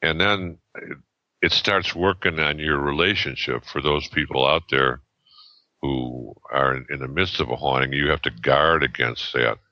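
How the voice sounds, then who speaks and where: A podcast guest in his seventies tells a story casually, rambling and halting with many restarts and fillers. His extremely low voice is bright and forceful, with no echo, though the recording sounds dull and lo-fi.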